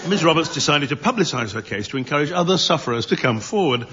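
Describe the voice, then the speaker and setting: A man hosting a comedy quiz, reading scripted news items with deadpan punchlines. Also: fairly high pitch, fast talker. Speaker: quiz host. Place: studio with audience. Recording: muffled broadcast recording with background noise.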